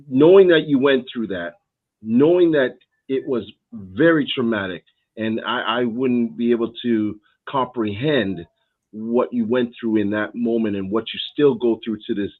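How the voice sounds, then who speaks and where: A man hosting a podcast interview, earnest and stumbling over repeated words. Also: on the low side. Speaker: podcast host. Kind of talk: interview conversation. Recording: tinny phone-like line.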